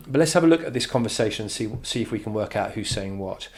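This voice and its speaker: Man explaining a poem, slightly low voice. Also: lively intonation, fast. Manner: thoughtful, many restarts, reads quotes with emphasis. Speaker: teacher. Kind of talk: poetry analysis lesson.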